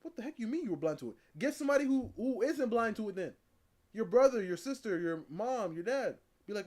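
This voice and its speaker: Animated streamer man, lively pitch. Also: fairly quick. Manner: animated, laughing, repeats words for emphasis. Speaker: live-stream host. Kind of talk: casual chat reacting to a video.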